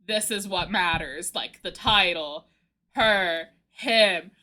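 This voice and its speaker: A young woman streamer chatting casually, gushing excitedly about a story she loves and laughing often. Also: on the low side, slow pace. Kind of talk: casual chat recapping a story.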